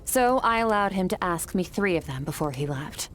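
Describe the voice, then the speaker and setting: A woman's voice: lowish voice, normal speed, slight background noise, lightly acted. A woman playing a cool aloof swordmaster. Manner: calm, clipped, matter-of-fact. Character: aloof powerful swordswoman mentor.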